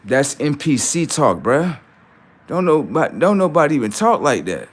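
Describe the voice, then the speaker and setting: A man's voice: fairly high pitch, very animated, normal speed, slightly rough. A man hosting a casual livestream, mocking and scolding his chat with teasing, repetitive remarks. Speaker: livestream host.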